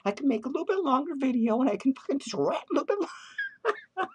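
A man playing an unhinged, foul-mouthed clown who rants in a high, shrill voice with cackling laughs, tipsy and hyper, in a comedic character vlog. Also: very animated, fast, lo-fi sound, slight background noise. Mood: manic ranting. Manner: crude swearing rants, giddy and drifting. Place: home studio.

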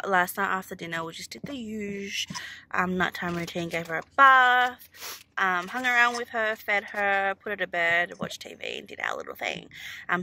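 Her mid-range voice sounds gravelly yet pushed and bright as this young woman rambles through a casual vlog about her day as a mother. She fills the talk with plenty of "um"s and "like"s.

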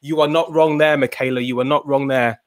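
A man's voice: medium pitch, fairly even intonation, a little fast. A man co-hosting a live online dance show, chatting casually, joking and reading out viewer comments.

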